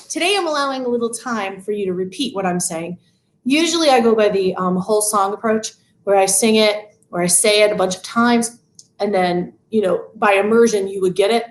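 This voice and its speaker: A woman music teacher leading a live parent-child class, chanting nursery rhymes slowly in a sing-song way with rising inflection. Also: fairly high pitch. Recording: echoey room.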